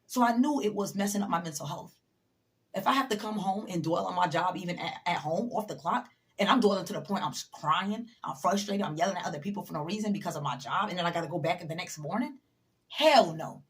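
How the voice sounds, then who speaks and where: A woman's voice: on the low side, fast. A woman talks straight to the camera with a motivational message. She is blunt and emphatic, swears freely, and lectures the viewer directly. She sounds a little tired. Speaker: motivational vlogger. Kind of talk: casual motivational talk to camera.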